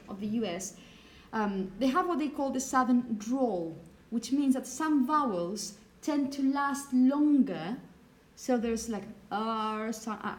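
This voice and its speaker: A woman teacher giving a relaxed, hesitant lecture with frequent check-ins, whose first language is Spanish. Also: medium pitch, rough recording. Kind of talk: recorded lecture.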